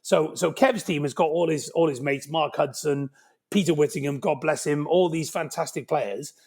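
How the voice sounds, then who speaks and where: A man in his fifties with a Cardiff Welsh accent, telling anecdotes with lively energy. His voice sits fairly high for a man, and he keeps checking in with his listener as he goes. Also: moderate pace, creaky, breathy edge. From Wales. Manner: animated, lively anecdote-telling with frequent "right?". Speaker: guest. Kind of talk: podcast interview storytelling.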